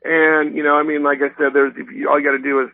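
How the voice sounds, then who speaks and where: A raspy-voiced man calling in as a guest, chatting casually about cars in a rambling, filler-heavy way. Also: on the high side, level tone, quick pace. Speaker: guest from a car magazine. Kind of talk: casual radio chat. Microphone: phone call. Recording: tinny phone line.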